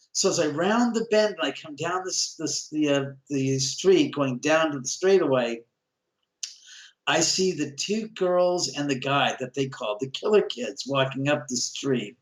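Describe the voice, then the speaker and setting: A man talking as a guest on a show, telling a lively story and acting out the dialogue. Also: a little high, a little slow. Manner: lively, acts out quoted dialogue, chuckles often. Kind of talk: animated anecdote telling. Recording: roomy echo.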